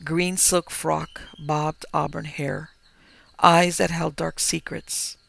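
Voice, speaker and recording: A man reading a horror story aloud in a slow, dramatic way. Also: fairly high pitch, level tone, creaky, fairly bright tone. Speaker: narrator.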